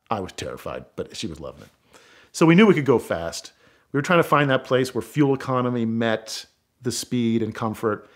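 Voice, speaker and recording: A middle-aged man telling a road-trip story in a casual, animated way, acting out what people said. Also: medium pitch. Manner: animated storytelling, acts out quoted dialogue. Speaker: storyteller guest.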